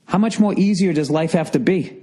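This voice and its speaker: A man's voice: sits high, a little fast, mellow, slightly rough. A man hosting a podcast alone, ranting in an exasperated, profane solo monologue. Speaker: podcast host. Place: alone in a room.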